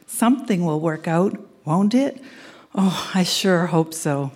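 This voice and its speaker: A woman's voice: fairly low pitch, slow pace, darkish tone. A woman in her sixties reading her old love letters aloud on stage, fond and teasing. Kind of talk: reading aloud to a live audience. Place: live event stage.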